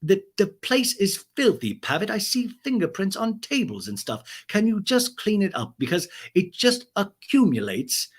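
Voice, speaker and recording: A man's voice: high-pitched, very animated, normal speed, hardly any pauses, breathy edge, pitched above the performer's own voice, exaggerated voice. A man quoting a fussy woman who scolds her husband about the mess, in an exasperated, nagging way.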